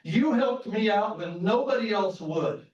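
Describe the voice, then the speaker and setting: Man putting on a frail old beggar, high thin voice, roomy sound from far off. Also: animated, unhurried, a little mellow, dull audio. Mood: earnest. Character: starving old beggar man, pleading, later radiant.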